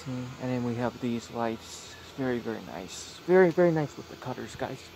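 A man at an ordinary pitch talks softly into a phone outside at night, repeating the same warm little phrases as he films. Faint outdoor noise and passing cars sit behind him. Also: lively intonation, a little fast, gravelly. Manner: repetitive, gentle, keeps saying very very nice. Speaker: vlogger. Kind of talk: casual vlog tour.

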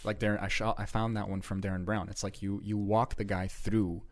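A man's voice: lowish voice, little pitch movement, a little fast. A man co-hosting a laid-back podcast, rambling in casual chat with lots of fillers and swearing. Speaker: podcast co-host.

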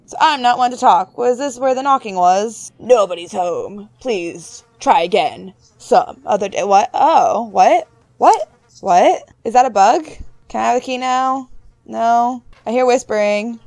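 A young woman, apparently a gaming YouTuber, talks casually through a horror game let's play, reading on-screen text aloud and joking to herself. Her voice is darkish and moves at a normal speed, recorded dry, and she squeals in high-pitched surprise.

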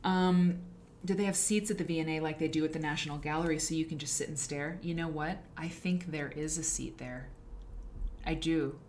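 A woman hosts a live stream in a low voice, chatting casually and wandering off into asides. She corrects herself often and keeps the tone loose. A faint background hiss sits under her voice. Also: steady tone, moderate pace, a little mellow. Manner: chatty and rambling, with frequent asides and self-corrections. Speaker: livestream show host. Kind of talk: casual live-stream talk about quilt history.

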